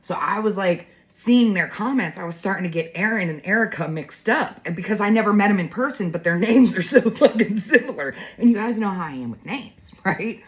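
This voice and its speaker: A woman's voice: mid-range voice, expressive, fairly quick, hardly any pauses, low-quality recording. Emotional chatty woman in her forties. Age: 40s. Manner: heartfelt, emotional, chatty with fillers. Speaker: vlogger. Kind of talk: casual storytelling to viewers.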